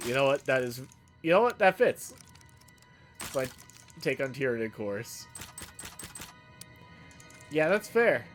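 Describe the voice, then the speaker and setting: A man's voice: mid-range voice, big pitch swings, takes it slowly, long pauses, faint music behind. A man streaming a video game, chatting casually and jokingly with his viewers in a rambling way. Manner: rambling, joking, reacting to chat.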